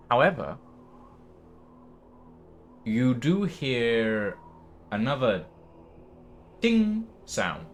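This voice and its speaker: Slow, lively-voiced game master narrating. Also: male voice, fairly low pitch, slight background noise. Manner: unhurried, halting narration with fillers.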